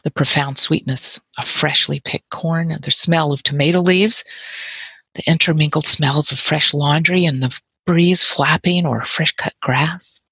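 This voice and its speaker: A woman's voice: low voice, fairly bright tone, husky, no room sound, dull audio. A woman telling a personal story in a reflective, wry way, lingering over lyrical lists of things she loves.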